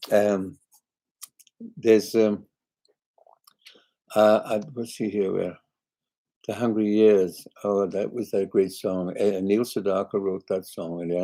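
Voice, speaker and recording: A man's voice: on the low side, creaky, mellow, low-quality recording. An older British man, a singer hosting a live chat, reading viewer comments aloud in a chatty, rambling way. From Britain.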